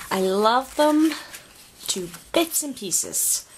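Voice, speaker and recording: A woman's voice: a little high, sing-song, very slow, pauses often, slight background noise. A woman opening a craft swap package on video, gushing and gasping with delight at each item. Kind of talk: unboxing vlog.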